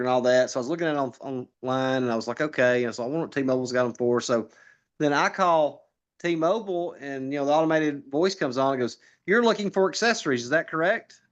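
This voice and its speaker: Brief: quick, fairly high male voice, rambling storyteller, muffled lo-fi sound. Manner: rambling storyteller, laughs at own stories, restarts often. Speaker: political candidate guest. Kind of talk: casual podcast chat.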